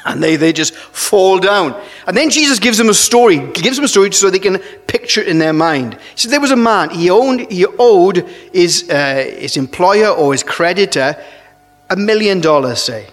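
A man preaching a sermon, earnest and halting, often restarting his phrases and pushing up into emphatic rises. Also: sits high, animated. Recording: long reverb of a large hall.

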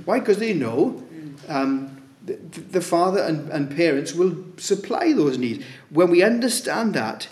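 A man preaching in a roomy church hall with clear reverb around his slightly high voice. He talks through the sermon casually, tossing rhetorical questions at the congregation. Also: big pitch swings, unhurried, few pauses, darkish tone. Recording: echoey room.

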